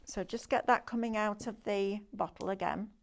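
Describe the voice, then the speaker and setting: A woman hosts a live craft shopping show, talking viewers through each product with chatty, eager sales patter. Her voice has a gravelly, fry-tinged edge and sits at an ordinary middle pitch. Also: fairly even intonation, normal speed.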